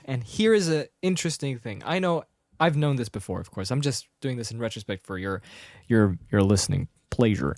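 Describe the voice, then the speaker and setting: A young man co-hosting a podcast, retelling a film in casual chat with quick impressions. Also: mid-range voice, animated, darkish tone, dry recording, studio quality. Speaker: podcast co-host.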